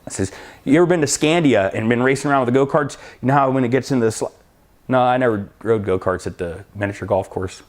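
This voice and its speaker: Middle-aged man, storyteller, animated, plays out the dialogue himself; mid-pitched, casual chat delivery. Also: fast talker. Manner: animated anecdote telling, acting out both sides of dialogue. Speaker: drag racing school owner and crew chief.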